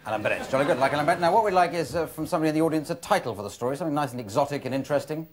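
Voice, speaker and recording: A man's voice: a little high, animated, very fast, noisy background. A man with a British accent hosting a comedy game show with dry, teasing wit in a TV studio. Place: TV studio with live audience. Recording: studio with audience laughter.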